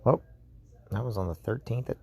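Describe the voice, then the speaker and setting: A man's voice: medium pitch, moderate pace, vocal fry, very noisy. A man from the United States, hosting his own channel, rambling through a casual monologue with frequent restarts and speaking straight to his viewers. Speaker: YouTube host.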